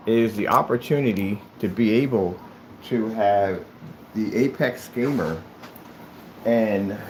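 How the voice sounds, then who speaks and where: A man presenting his company's products in a casual vlog, rambling with many fillers and restarts. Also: on the low side. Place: indoors at his office. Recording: noisy room recording.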